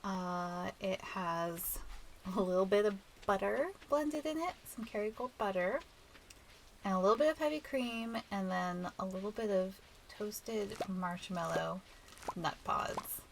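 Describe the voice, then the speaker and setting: A woman with a nasal, stuffed-up voice, chatting softly and rambling as she hosts a relaxed game playthrough. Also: medium pitch, a little slow, vocal fry, slight background noise, low-quality recording. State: stuffy nose. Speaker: let's play host. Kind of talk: relaxed gameplay commentary.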